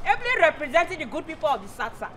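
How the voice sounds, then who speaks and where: A grand, bossy woman politician with a Nigerian accent, played by an actress in a stage skit, who brags and threatens in a high, brash voice. The stage recording carries clear background noise. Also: big pitch swings, racing, fairly bright tone. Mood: boastful.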